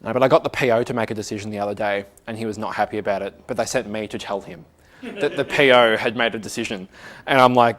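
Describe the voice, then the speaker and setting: A man's voice: on the low side, fast, fairly bright tone. A man giving a casual tech talk at a meetup, chatty and self-mocking, with many filler words. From Australia. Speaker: meetup speaker. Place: office meeting room.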